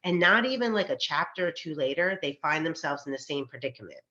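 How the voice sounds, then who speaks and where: A woman co-hosting a podcast and telling a personal faith story in a casual, animated way, acting out the voices she quotes and laughing often. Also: sits low, quick pace. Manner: faith-centered, frequent fillers like um and like. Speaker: podcast co-host. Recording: slightly dull, lo-fi podcast recording.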